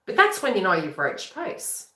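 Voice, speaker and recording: Aussie woman yakking to camera, bright sharp voice, echoey room. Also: mid-range voice, wildly swooping pitch. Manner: rambling and chatty, with quick laughs and acted-out quotes. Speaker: psychic reader and YouTuber. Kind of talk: casual spiritual talk to camera.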